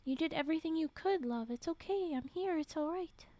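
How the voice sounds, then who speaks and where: A woman reading the lines of a protective woman comforting her partner, softly and reassuringly. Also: very high-pitched, a little fast, pitched above the performer's own voice. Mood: tender.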